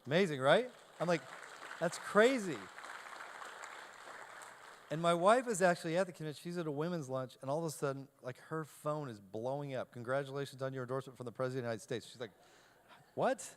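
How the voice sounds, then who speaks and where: A man giving a talk to a youth audience, telling a self-deprecating anecdote in a lively way and acting out each exchange. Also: fairly high pitch, fast talker, a faint crowd. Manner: animated storyteller, self-deprecating, acts out dialogue. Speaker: keynote speaker. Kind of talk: humorous anecdote told to a live audience.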